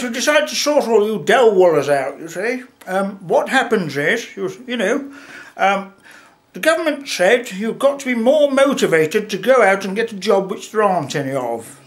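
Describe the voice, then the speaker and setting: A man's voice: high voice, animated, normal speed. A man with an English accent playing a grumbling older male politician who rambles through a sarcastic comic rant in an empty room. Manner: moaning, rambling rant with mock-official asides. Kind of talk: comic character monologue.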